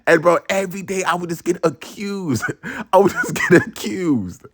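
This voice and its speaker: Young man, slightly high voice, slangy, animated storytime vlog. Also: normal speed, breathy edge.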